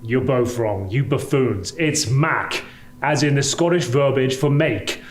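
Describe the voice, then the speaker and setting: A man's voice: mid-range voice, unhurried, close to an everyday voice. An actor playing a pompous, condescending man who calls himself a survivalist, botanist and swordsman. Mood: haughty. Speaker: skit character.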